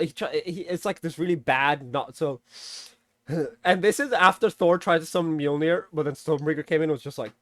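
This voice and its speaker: A man casually recapping and reviewing a movie, animated, swearing freely and laughing often. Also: a little high, moderate pace, no room sound, clean studio sound. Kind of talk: casual spoken film recap.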